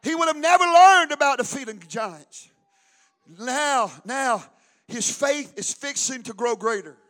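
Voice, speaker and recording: A male pastor preaching a fiery sermon, shouting and then dropping to quiet. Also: extremely high pitch, expressive, unhurried. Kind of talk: Pentecostal sermon.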